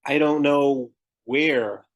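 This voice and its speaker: A man's voice: mid-range voice, drawn-out words, low-quality recording. A man with a Southern US accent talks as a podcast guest, with a mid-range voice. He tells his story candidly and laughs often. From Memphis, Tennessee, US Southern. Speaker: guest, retired pro bodybuilder and author. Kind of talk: podcast interview.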